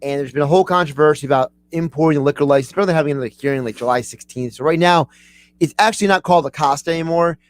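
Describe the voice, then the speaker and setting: A man's voice: a little high, racing. A man in a casual radio chat, explaining details in a plain, matter-of-fact way.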